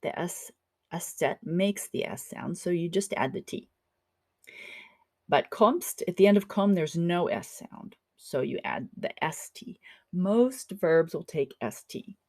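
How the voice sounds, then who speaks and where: Woman teacher, lowish gravelly voice, dry close sound, friendly lecture pace. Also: expressive, takes it slowly, mellow, dry recording. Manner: chatty, encouraging, checks in with "okay?" and "right?". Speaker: German teacher. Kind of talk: classroom lecture over slides.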